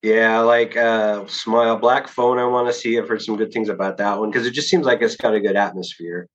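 A man with a lowish voice answers as an author guest in a relaxed, rambling way, often restarting his sentences and leaning on fillers. The sound is a bit dull and lo-fi. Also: a little fast. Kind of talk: casual podcast interview.

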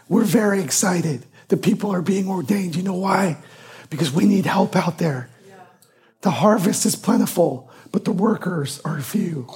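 A middle-aged man preaching as a guest pastor with a hoarse, husky voice from losing it, speaking earnestly and repeating phrases for emphasis. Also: high-pitched, darkish tone. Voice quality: husky, raspy. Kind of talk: sermon. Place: church sanctuary.

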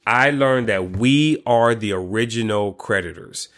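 A man's voice: on the low side, a little slow. A man who works as a credit repair coach, telling a story casually, with lots of restarts, exclamations and swearing. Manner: animated, frequent restarts and exclamations.

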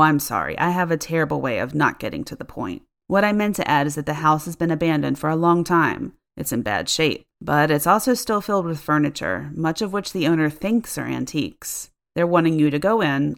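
A woman voicing a friendly, easygoing male construction worker who talks in a relaxed, rambling way with a laugh in his voice. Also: deep voice, fairly quick, vocal fry, hardly any pauses.

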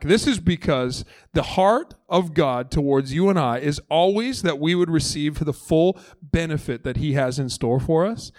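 A man's voice: on the high side, no echo. A man in his thirties, a lead pastor preaching a conversational sermon from a church stage. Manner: conversational and animated, acting out voices of the story.

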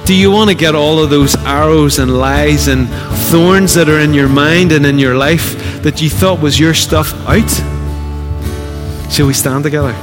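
A man's voice: on the high side, a little slow, in a large hall, music in the background. A man from Northern Ireland preaching a sermon as pastor, earnest and exhorting, putting direct questions to the congregation. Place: church hall.

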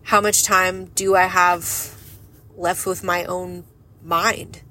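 A woman's voice: lowish voice, little pitch movement, slow, bright, forceful tone. Frank, rambling woman vlogger. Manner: frank and rambling, swears casually; emotional and earnest. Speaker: lash business owner and vlogger. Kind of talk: candid personal monologue.

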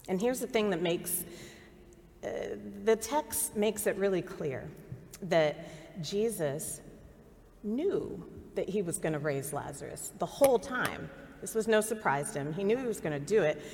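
A woman pastor delivering a sermon, earnest and measured, with dramatic pauses. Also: mid-range voice, in a large hall.

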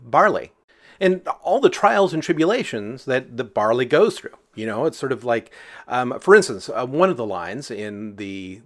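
A man's voice: medium pitch, a bit bright. A man casually telling folk tales, chatty and full of fillers, acting out sound effects as he goes. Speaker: storyteller.

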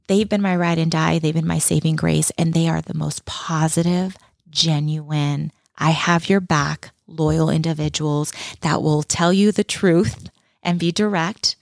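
Husky-edged earnest middle-aged woman. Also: deep voice, dry recording, clean studio sound. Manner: earnest, heartfelt, repeats words for emphasis. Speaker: guest. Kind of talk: reflective personal interview talk.

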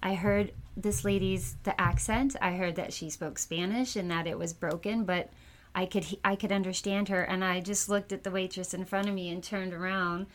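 A woman speaking as a psychic medium in a casual interview, telling her stories in a chatty, animated way and laughing often. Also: mid-range voice, normal speed, a little hiss or hum.

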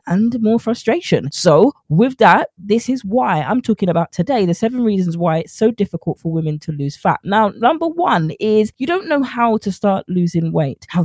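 A woman's voice: mid-range voice, dark tone, no room sound. A woman with an English accent hosting her own podcast as a fat-loss coach, chatty and direct, talking to listeners as friends. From England. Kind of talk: casual podcast monologue.

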